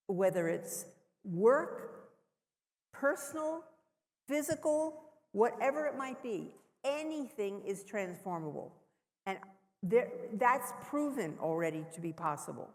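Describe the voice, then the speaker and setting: A woman speaking on a conference panel, emphatic and full of conviction. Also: mid-range voice. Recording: reverberant conference hall.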